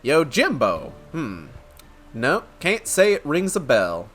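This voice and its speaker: A man voicing a cocky, rough-spoken male thug in a game with a loose put-on accent. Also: on the high side, huge pitch swings, slow, a bit bright, faint music behind, pitched above the performer's own voice, full character voice. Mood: gruff.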